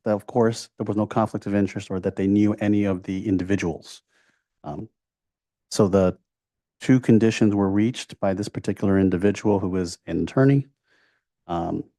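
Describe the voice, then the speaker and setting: Man, city attorney, low mellow voice, measured procedural tone, dry sound. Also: no room sound. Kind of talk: formal explanation at council meeting.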